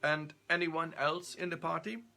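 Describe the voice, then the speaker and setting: Brief: shrewd investigator voiced by a man, measured questions, raised pitch. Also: creaky, sharp tone, soft background music, exaggerated voice. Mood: probing. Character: shrewd, commanding Italian investigator.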